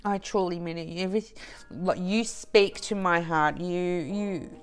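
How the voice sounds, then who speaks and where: A woman vlogger chatting to camera, slow and halting with restarts and soft laughs, teary and emotional. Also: fairly low pitch, clean tone, soft background music. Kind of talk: emotional casual chat to camera.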